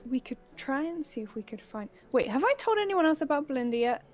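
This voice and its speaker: Higher-voiced woman player thinking aloud. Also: very animated, fast talker, darkish tone, faint music behind. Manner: thinking aloud, plans in short bursts. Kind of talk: tabletop game play, out-of-character chat.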